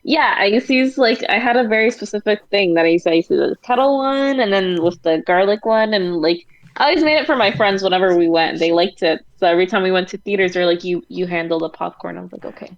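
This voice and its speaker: A woman's voice: mid-range voice, fast talker, no room sound. Chatty woman on a dull, dry recording. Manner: chatty, agreeable, swears casually. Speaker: podcast guest. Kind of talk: casual podcast chat.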